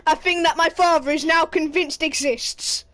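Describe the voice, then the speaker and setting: A young woman streamer reading out a news story while gaming, animated and sweary, laughing as she goes. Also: high-pitched, moderate pace. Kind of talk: casual commentary while gaming.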